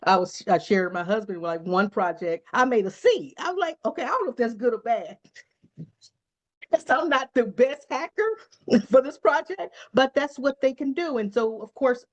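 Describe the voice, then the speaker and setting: Animated woman teaching cybersecurity. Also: on the high side, normal speed, dull audio. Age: adult student. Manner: animated, acts out quoted exchanges, laughs often. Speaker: cybersecurity instructor. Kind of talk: conversational teaching talk.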